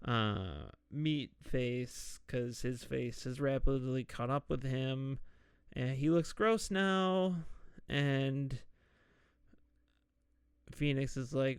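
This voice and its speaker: A man hosting a podcast, slowly and casually retelling a movie's plot with jokey asides. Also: medium pitch, clean tone, dry recording, studio quality. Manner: slow, laid-back retelling with jokey asides and mock quoted voices. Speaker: podcast host. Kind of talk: casual solo movie recap.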